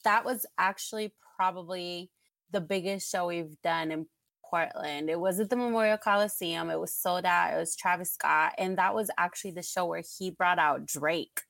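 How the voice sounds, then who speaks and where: A woman guest on a podcast, chatting in a relaxed, upbeat way. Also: lowish voice, normal speed, gravelly, dry recording, clean studio sound. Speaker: guest, event promoter. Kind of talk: casual interview chat.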